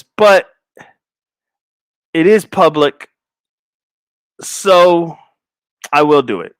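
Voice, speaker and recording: Man, livestream host, slow and rambling, clear voice, dry close sound. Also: fairly high pitch, lively intonation, no echo. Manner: rambling, distracted, talks to chat viewers. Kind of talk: casual livestream chat.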